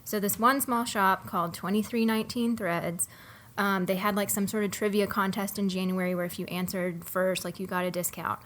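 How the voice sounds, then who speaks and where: A young woman co-hosting a podcast, telling a long story in a casual, animated way with many fillers. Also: medium pitch, normal speed, slight background noise. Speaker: podcast co-host. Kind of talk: casual chat.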